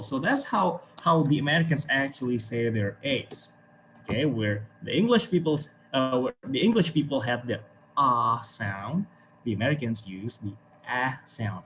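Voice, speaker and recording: In an online English lesson, an Indonesian man with an Indonesian accent speaks unhurriedly in an animated, mid-range voice with a fairly bright tone. He encourages his students, repeats words, and says "okay" and "right" often; there's a little hiss or hum.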